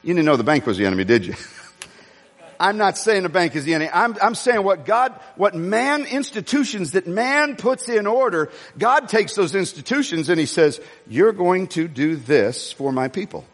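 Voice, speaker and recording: Male pastor, high voice, animated storyteller mid-sermon, long hall reverb. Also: normal speed. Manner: storytelling, animated, swinging between low asides and raised emphasis.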